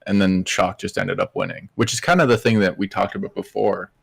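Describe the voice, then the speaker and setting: A man's voice: on the low side, fast talker, vocal fry, hardly any pauses, slightly rough. A young man co-hosting a casual esports podcast over a call, hesitant and often trailing off. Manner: hesitant, trails off, short agreeing replies. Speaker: podcast co-host. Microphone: remote call audio.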